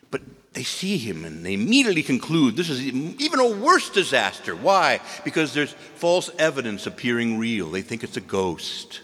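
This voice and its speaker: A priest giving an animated, storytelling sermon in a church, acting out the figures he describes. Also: medium pitch, moderate pace. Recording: long church reverb.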